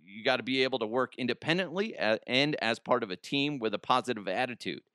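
A man's voice: mid-range voice, expressive, quick pace, pushed and bright, dry recording, studio quality. A man hosting a podcast, ranting in a crude, rambling comedic monologue and often laughing. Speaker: podcast host.

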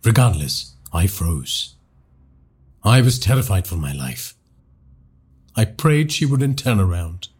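A man narrating a horror story for a podcast in a hushed, dramatic storytelling manner. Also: sits low, sing-song, slow pace, pauses often, breathy edge.

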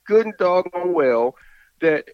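A man doing a brash, high-pitched star player in disbelief. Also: expressive, slow, clear, resonant tone, no echo, lo-fi sound. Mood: incredulous. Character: brash, incredulous male star football player.

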